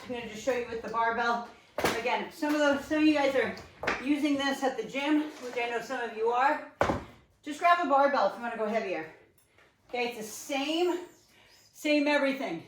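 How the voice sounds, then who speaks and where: A woman's voice: on the high side, slight background noise. A woman fitness instructor coaching a live workout from her living room, out of breath and chatty, cueing with encouragement. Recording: echoey room, mic at a distance.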